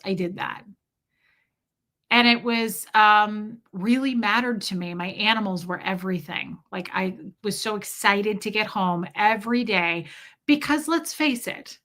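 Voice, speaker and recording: A middle-aged woman telling personal stories in a casual, animated way, laughing often and acting out little voices. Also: medium pitch. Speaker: host. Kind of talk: casual storytelling monologue.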